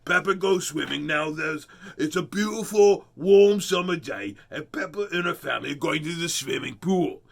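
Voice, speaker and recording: A man putting on a booming mock-British giant storyteller. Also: creaky. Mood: pompous. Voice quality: loud, drawn-out, exaggerated. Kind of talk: read-aloud of a children's book.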